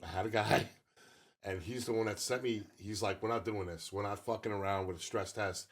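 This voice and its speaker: A man's voice: fairly low pitch, fairly even intonation, normal speed. A man in his fifties co-hosting a podcast, telling a long story in casual chat and swearing freely. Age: 50s. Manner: profane, rambling storyteller. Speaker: podcast co-host.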